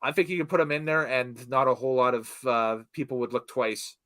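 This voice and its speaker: Bright upbeat podcast host. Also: male voice, mid-range voice, fairly even intonation, a little fast. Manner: upbeat, asks questions and laughs often. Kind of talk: casual chat.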